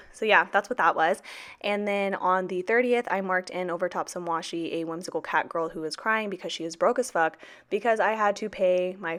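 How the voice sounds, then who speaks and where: A woman's voice: mid-range voice, fairly bright tone. A woman in her twenties, a teacher, chatting casually through her planner with lots of fillers and cheerful swearing. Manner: chatty, sassy, swears freely, many fillers. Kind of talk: casual planner vlog chat.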